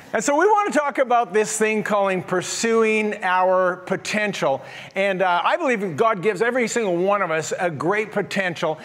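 A man in his sixties delivers a sermon from the pulpit with a notably high voice. He tells stories with gentle, self-deprecating humor. His tone stays conversational and friendly. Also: unhurried. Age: 60s. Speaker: pastor.

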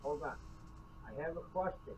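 A man's voice: fairly high pitch, normal speed, darkish tone. A man on a video chat, challenging and confrontational. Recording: distant, noisy video-call audio.

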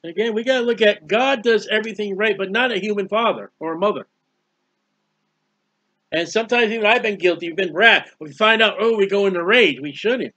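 Earnest high-voiced man preaching scripture. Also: fairly quick, pushed and bright. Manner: earnest, rambling, reads scripture aloud. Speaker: Bible teacher. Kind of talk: informal Bible study sermon. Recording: dull lo-fi recording.

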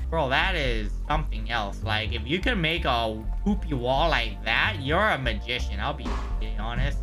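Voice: medium pitch, sing-song, normal speed, bright, forceful tone. A streamer giving nervous, rambling commentary while playing a horror game, often yelping and repeating themselves. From United States. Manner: jumpy, yelps and rambles nervously. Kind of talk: live horror gameplay commentary. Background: game music.

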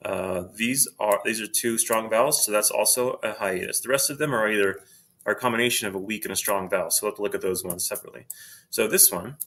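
Bright-voiced man teaching a lesson. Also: lowish voice. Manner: steady explanatory, pronounces words twice slowly. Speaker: Spanish teacher. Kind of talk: screen-recorded grammar lesson.

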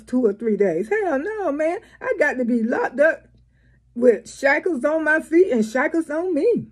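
A woman's voice: high-pitched, sing-song, a little slow. A woman giving blunt, profane, scolding commentary in a vlog. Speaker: vlogger.

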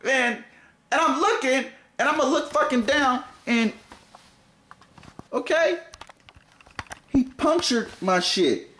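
A man telling an angry, heavily profane story as a vlog, his pitch swinging wildly as he gets worked up. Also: animated, takes it slowly, long pauses, sharp tone, roomy sound. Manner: heated, swears constantly, wildly varying pitch.

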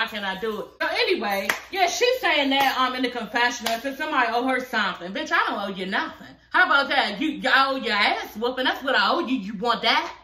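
A thirty-something woman running her own channel reviews a reality show with a fired-up, sassy, foul-mouthed rant. Her voice sits on the high side with a sharp tone. Recorded at home at night, the audio sounds roomy, with a little hiss or hum.

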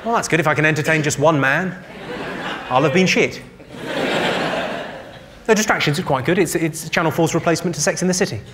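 A man doing a stand-up comedy set on a theatre stage, trading deadpan one-liners and banter with the audience. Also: a little high, brisk, long pauses. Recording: live show with loud audience noise.

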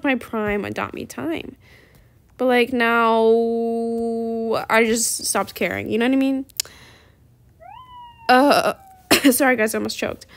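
A teenage girl chatting casually while playing a game, tired and rambling with lots of "like". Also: on the high side. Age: teens. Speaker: gaming YouTuber. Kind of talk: casual gameplay chat.

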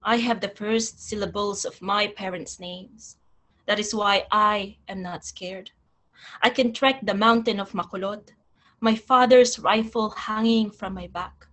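A young woman reading her poetry aloud in a measured, deliberate way, then talking about her poems. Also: medium pitch, steady tone, fairly bright tone. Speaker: poet reading her work. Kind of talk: poetry reading with spoken asides.

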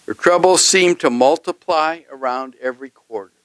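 A man's voice: fairly high pitch, moderate pace, a bit bright, no room sound, rough recording. A male pastor preaching a sermon emphatically, often putting questions to his congregation.

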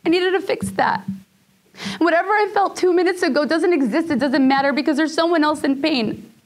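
A woman's voice: high voice, moderate pace. A woman giving a personal storytelling talk, emotional, sometimes dropping to a near whisper. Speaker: speaker.

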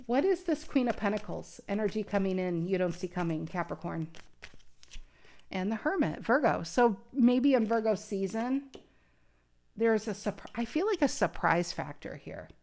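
An earnest woman talks through a tarot spread in a casual, conversational way. She thinks out loud, restarting her sentences often. Her voice sits at an ordinary mid pitch. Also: animated, moderate pace. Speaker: tarot card reader. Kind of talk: casual tarot reading to camera.

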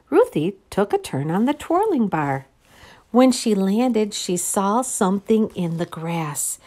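A woman reading a picture book aloud for children, expressive, asking the listener questions and dropping to a whisper. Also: a little high. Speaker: storyteller.

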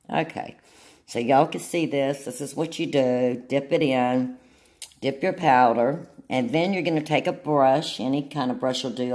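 A woman with an unusually deep, low voice and a drawl walks through a nail demonstration. She talks in a chatty, homey way and keeps pausing to check in with her viewers. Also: darkish tone. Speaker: nail tutorial host. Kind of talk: casual demonstration tutorial.

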